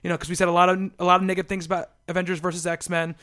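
A man hosting a casual comics podcast, quick and joking, with lots of ums and restarts. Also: sits high, little pitch movement, pushed and bright. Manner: quick, joking, filler-heavy delivery. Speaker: podcast host.

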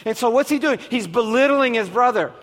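Male pastor, high voice, deliberate emphatic sermon delivery, long hall echo. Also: expressive, a bit bright. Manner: slow, emphatic preaching with dramatic pauses.

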